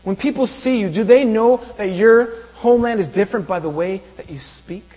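A pastor preaching a sermon, asking the congregation rhetorical questions. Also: male voice, high voice, a little fast. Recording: dull reverberant room with mains hum.

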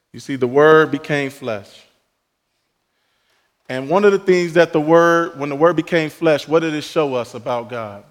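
A male pastor preaching a sermon emphatically, rising on key phrases and dropping to soft, quiet asides. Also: medium pitch, big-room sound.

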